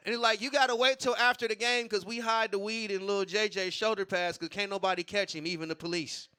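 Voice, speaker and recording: A man's voice: high voice, fairly even intonation, fast, bright, forceful tone, smooth. A male stand-up comedian at an open mic, telling a loose, profane story with punchlines.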